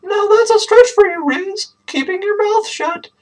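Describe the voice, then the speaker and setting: A man reading aloud, voicing a sarcastic young female dinosaur in a shrill falsetto. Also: unhurried, distant mic. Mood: teasing.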